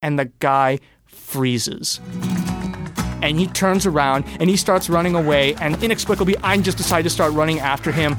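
Young man telling a lively story. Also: fairly high pitch, moderate pace, over music. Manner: animated, breathless storytelling with sudden bursts. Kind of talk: personal story told on stage.

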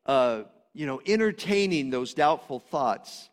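A man preaches with real fervor, his voice sitting high and rising into loud, emphatic bursts before dropping back to a calmer teaching tone. The sound carries a long reverb, as from a large church sanctuary. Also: a little slow. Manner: passionate, swings between loud emphatic preaching and quieter explaining. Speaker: pastor. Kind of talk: sermon.

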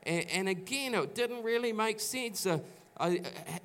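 A middle-aged pastor from New Zealand preaches in a loose, conversational way, stopping and restarting as he acts out the voices in his own stories. His voice sits a little higher than most men's. He talks to a church audience. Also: moderate pace, a bit bright, clean tone. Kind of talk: sermon with personal testimony. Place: church auditorium.

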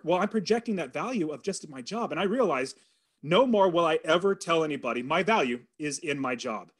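A middle-aged man recounts a personal story as a podcast guest, earnest and animated. His voice sits a little high for a man. He voices his own past thoughts as he goes. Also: fairly quick. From California. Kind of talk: storytelling in an interview.

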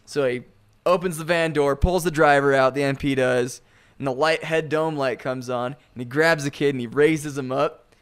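A man's voice: fairly high pitch, steady tone, moderate pace, clear, resonant tone. A man in his thirties telling a rowdy story in a casual chat among friends. He laughs often and acts out the people he quotes. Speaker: podcast co-host telling a story.

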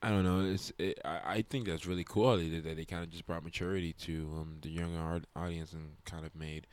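A young man in casual chat, rambling and animated, swearing now and then. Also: low-pitched, quick pace.

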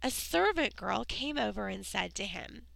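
A woman giving a Bible lesson to children, reading the story slowly and earnestly and dropping into whispers for emphasis. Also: mid-range voice, animated, creaky, fairly bright tone, no echo, rough recording. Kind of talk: Bible lesson read aloud to kids.

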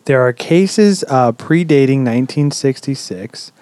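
A man hosting a podcast, telling a story in a relaxed, chatty way with lots of "um"s and casual swearing. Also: mid-range voice, a little slow, no echo. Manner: relaxed, swears freely, many "um"s. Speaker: podcast host.

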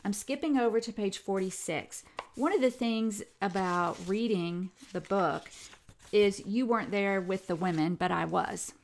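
A woman gives a recorded lecture in a loose, conversational way, with fillers and restarts along the way. She slips into expressive intonation whenever she reads quoted speech aloud, at a middle pitch. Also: a little slow, slight background noise. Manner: conversational, with many fillers and self-corrections. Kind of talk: recorded lecture on language and gender.

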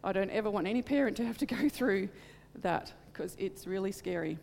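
A woman's voice: mid-range voice, animated, a little fast, creaky, darkish tone, long reverb tail. A middle-aged woman preaching in church, telling a personal testimony in an earnest, heartfelt way. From Australia. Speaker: church speaker.

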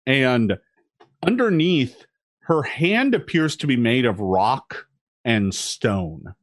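A man's voice: mid-range voice, big pitch swings, slow, no echo, clean studio sound. A man narrating as game master of a tabletop game, descriptive and hesitant, full of ums and restarts.

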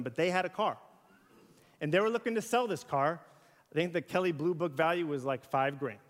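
A man's voice: fairly high pitch, fairly bright tone. A man preaching a sermon in a conversational way, with rhetorical questions and acted-out everyday examples. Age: young adult to middle-aged. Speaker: pastor. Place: church sanctuary. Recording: hall reverb.

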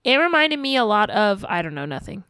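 A woman's voice: medium pitch, big pitch swings, brisk, bright, forceful tone, smooth, no room sound, clean studio sound. A young woman chatting casually as a podcast co-host, rambling and laughing often. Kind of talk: casual chat.

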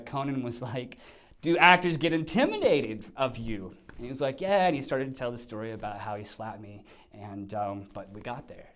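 Animated male actor telling stories. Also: mid-range voice. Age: under 50. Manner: animated, acts out quotes with sound effects. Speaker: actor, interview guest. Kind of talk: casual storytelling in an interview.

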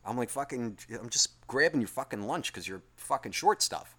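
A man telling a work story in a casual, profane rant, swinging from muttering to near-yelling in exasperation. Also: mid-range voice, expressive, moderate pace.

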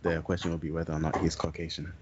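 A man co-hosting a casual podcast, calmly explaining scripture in a measured, steady way. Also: very deep voice, muffled recording, background noise. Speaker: podcast co-host.

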